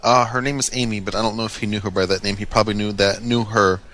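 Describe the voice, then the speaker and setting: Calm, polite male caller. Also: on the low side, quick pace.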